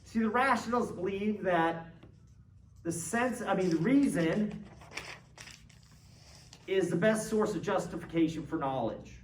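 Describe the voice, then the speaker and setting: A man's voice: high-pitched, measured pace, long pauses. Guy teaching philosophy, talks casual and keeps asking the class stuff, mic far off, faint hiss. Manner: conversational, quizzing students with frequent "right?". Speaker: philosophy lecturer. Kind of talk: classroom lecture. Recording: roomy classroom, distant mic, faint noise.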